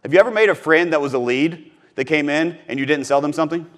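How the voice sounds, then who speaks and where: A man's voice: on the high side, quick pace. A middle-aged man from Missouri giving a punchy, emphatic motivational talk on sales, repeating his key phrases. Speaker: podcast host teaching sales.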